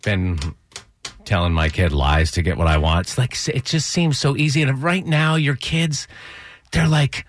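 A man in his thirties rambles through a self-mocking story on a morning radio show, circling back on himself as he goes. His voice sits at an ordinary pitch. It is recorded close and dry on a studio microphone. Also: normal speed, dry recording. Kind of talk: casual morning radio chat.

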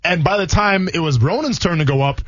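A man from Wisconsin, co-hosting a radio show, telling animated stories in casual banter. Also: high-pitched, brisk, no room sound, dull audio. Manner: animated storyteller, acts out quoted lines.

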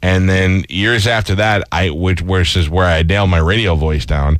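A man hosting a casual radio chat, telling animated stories and acting out the voices in them, on a close studio mic. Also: deep voice, moderate pace, dry recording. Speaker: radio host.

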